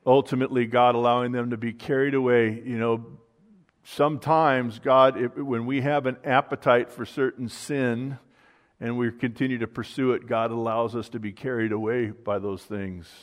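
A man's voice: mid-range voice, little pitch movement, moderate pace. Conversational male preacher. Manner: conversational, repeats words and restarts, says "you know" often. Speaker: pastor. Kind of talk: sermon.

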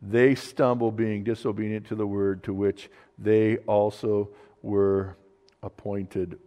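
A pastor delivers a sermon, reading scripture aloud and shifting between quiet, low asides and loud proclamations. He speaks slowly with a flat delivery, and the sound suggests a large hall.

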